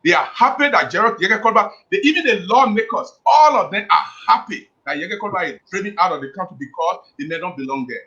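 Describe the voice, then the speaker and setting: A man's voice: high-pitched, lively intonation, fast, few pauses, pushed and bright. A man, a guest on a radio talk show, arguing in a heated, emphatic way and repeating himself. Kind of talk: call-in radio debate. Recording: dull lo-fi radio audio.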